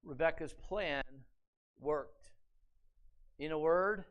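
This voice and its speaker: A male pastor preaching a sermon as an animated storyteller, dramatizing scripture with rhetorical questions to the congregation. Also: on the high side, measured pace, pauses often, highs cut off. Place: church sanctuary.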